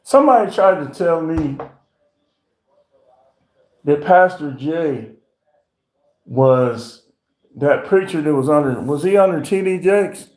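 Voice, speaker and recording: A man hosting a livestream, telling stories in a profane, animated rant with voiced impressions. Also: a little high, takes it slowly, long pauses. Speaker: livestream host. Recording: roomy echo.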